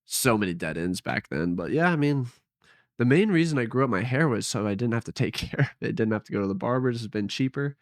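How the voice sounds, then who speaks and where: A young man talks into a headset mic at home, rambling and hesitant, often doubting himself aloud. His voice sits at an ordinary middle pitch. The sound is close and dry with no room echo. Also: animated, fast talker. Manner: rambling, hesitant, self-deprecating. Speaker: vlogger. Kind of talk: casual late-night vlog.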